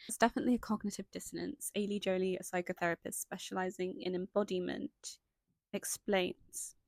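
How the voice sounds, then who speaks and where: A woman's voice: fairly low pitch, level tone, fairly quick, gravelly, a little mellow, no echo. A young woman narrating a scripted video essay, stopping now and then for chatty, self-conscious asides. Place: indoors at home, lighting changing.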